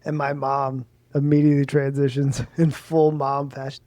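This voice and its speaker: A man co-hosting a casual podcast, rambling in an animated way with lots of filler. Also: on the high side, moderate pace, hardly any pauses, no echo, clean studio sound. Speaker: podcast co-host, lawyer. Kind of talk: casual chat.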